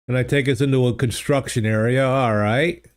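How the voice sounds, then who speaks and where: A man hosting a livestream, chatting casually and thinking aloud in a halting, easygoing way while playing a geography game. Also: mid-range voice, steady tone, smooth. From United States. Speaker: livestream host. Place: home streaming studio. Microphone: studio desk microphone.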